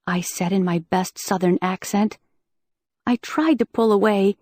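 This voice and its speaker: A woman's voice: mid-range voice, unhurried, darkish tone, no echo. Woman narrating an audiobook, dry sound. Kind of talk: first-person audiobook narration.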